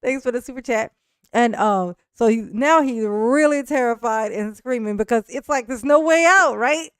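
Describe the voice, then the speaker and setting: A woman's voice: a little high, normal speed, clear, resonant tone, no room sound, studio quality. Laughing, rambling woman streamer. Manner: rambling, laughing often, frequent restarts and "like". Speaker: livestream host. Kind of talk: casual storytelling to a live chat.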